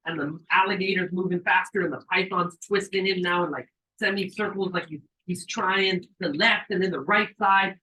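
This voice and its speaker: In a cabin during a live event, a man reads his own story aloud at a normal speed, animated and profane, in street slang. He leaps to high shouted voices for quotes and sinks low and quiet for suspense, and the recording quality is low.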